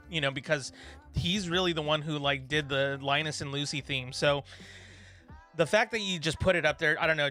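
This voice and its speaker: A man's voice: on the high side, sharp tone. A man hosting a study livestream, chatting casually with viewers, rambling and encouraging with plenty of fillers. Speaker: livestream host. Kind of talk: casual chat reading viewer comments.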